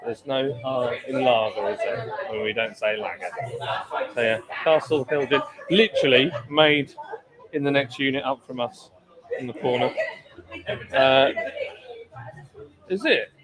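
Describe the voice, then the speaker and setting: A man's voice: medium pitch, unhurried, pauses often, low-quality recording. Chatty British man hosting from a taproom. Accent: British English. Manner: chatty, jokey, greets viewers by name. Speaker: stream host and taproom bartender. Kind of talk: casual live-stream chat, reading viewer comments. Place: busy brewery taproom. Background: crowd chatter.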